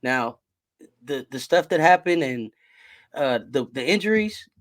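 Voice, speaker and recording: A man's voice: medium pitch, animated, measured pace. A man hosting a casual sports chat, laid-back and quizzing his guests. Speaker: host.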